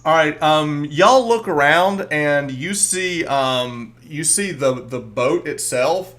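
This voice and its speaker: A man's voice: on the high side, slow, a bit bright. A man narrating as game master of a tabletop game, rambling with many "um"s and restarts.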